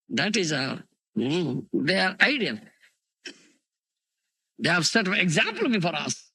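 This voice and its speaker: Animated Indian-accented man giving a sermon. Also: high voice, husky, no room sound. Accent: Indian English. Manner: animated storytelling, frequent "you understand?" and "huh?" checks. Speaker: spiritual teacher. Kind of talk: scripture lecture. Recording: dry close 1990s tape.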